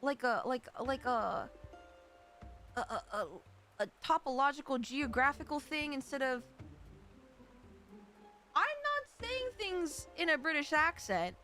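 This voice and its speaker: A woman's voice: high voice, big pitch swings, a little slow, long pauses, pushed and bright, faint music behind. A woman chatting casually and rambling while playing a game on stream, often correcting herself. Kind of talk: casual gameplay commentary.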